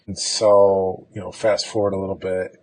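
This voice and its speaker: A man's voice: low-pitched, little pitch movement, moderate pace, a little mellow, low-quality recording. A man from Chicago, a podcast guest, telling a personal story in an easygoing, rambling way.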